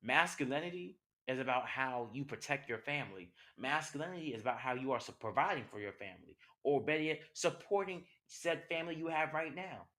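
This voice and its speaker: Passionate young man, bright voice. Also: medium pitch, lively intonation, a little fast, few pauses. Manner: passionate, conversational, rhetorical questions. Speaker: podcast host. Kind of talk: personal monologue.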